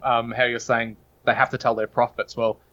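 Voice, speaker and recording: A man's voice: mid-range voice, flat delivery, moderate pace, sharp tone, highs cut off. A man with an Australian accent, a podcast guest talking in long, earnest, opinionated runs. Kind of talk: casual podcast chat.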